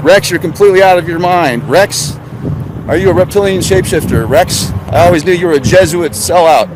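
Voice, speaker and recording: A man talks casually while driving, sarcastic and rambling, tossing questions out to his live chat. His voice sits high for a man. Road and wind noise run loudly under everything. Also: brisk. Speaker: live-stream host. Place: in a car on the road. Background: car and wind noise.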